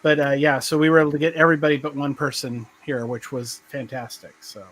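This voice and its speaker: A man's voice: a little high, level tone, quick pace, fairly bright tone, poor audio. A middle-aged man hosting a live podcast, chatting casually and rambling with many restarts. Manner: rambling, restarts often, laughs as he talks. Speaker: podcast host. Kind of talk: casual chat on a live stream.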